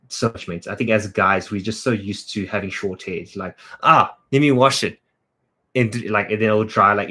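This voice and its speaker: A man's voice: on the low side, bright, forceful tone, husky. A man from South Africa, a creative director, chatting casually on a livestream, greeting viewers and answering their comments off the cuff.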